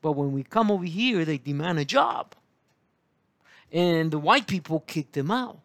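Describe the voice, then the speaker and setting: A man, preaching in a rambling, halting way full of fillers and asides. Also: a little high, animated, a bit bright, no echo. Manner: digressive, halting, many fillers. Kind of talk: rambling Bible teaching.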